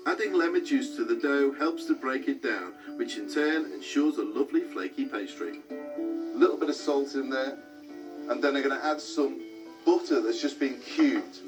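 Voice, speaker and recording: A man hosting a cooking show, explaining each step in a chatty way as he cooks. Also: medium pitch. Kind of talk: cooking demonstration. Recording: distant mic with background music.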